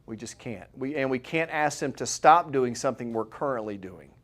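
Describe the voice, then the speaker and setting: A man's voice: medium pitch, expressive, normal speed, a bit bright. A middle-aged man, a chiropractor, giving a live seminar talk to an audience in a room, conversational and full of rhetorical questions.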